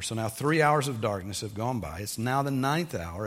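Male preacher, mid-pitched, measured, scripture-reading sermon with long reverb. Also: animated, fairly bright tone. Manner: reads scripture aloud then explains it in measured teaching tone.

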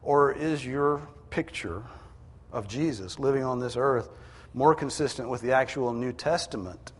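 A man preaching a sermon, emphatic, rising in pitch and force to drive his points home. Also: a little slow, slightly rough, big-room sound.

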